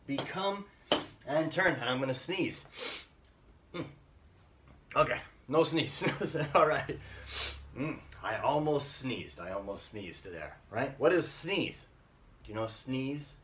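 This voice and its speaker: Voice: medium pitch, fairly bright tone, reverberant, recorded from a distance. An English teacher giving a casual, playful lesson to Japanese learners, checking in with listeners often.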